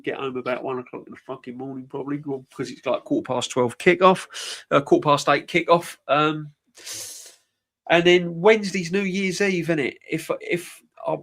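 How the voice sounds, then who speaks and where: A man, a guest on a casual live panel, talking in a laid-back, halting way with restarts. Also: medium pitch, fairly bright tone. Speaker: guest YouTuber.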